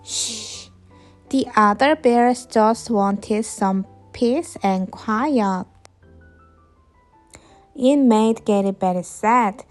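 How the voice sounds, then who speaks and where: A woman, a teacher reading an English picture book aloud to children, slowly and clearly. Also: a little high, soft background music. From Korea. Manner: slow, clear and expressive.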